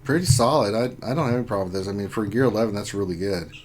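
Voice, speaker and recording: A man with a low voice hosts a relaxed gaming livestream. He jokes, laughs a lot and chats loosely as he reads out viewer comments. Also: racing, slight background noise. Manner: laughs often, joking and excitable. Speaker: livestream host reading chat. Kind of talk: casual gaming chat.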